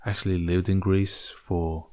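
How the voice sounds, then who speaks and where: This young solo podcast host speaks unhurriedly in a deep, level, darkish voice. He rambles in a fake British accent, though English isn't his native language, and his speech is full of fillers and restarts.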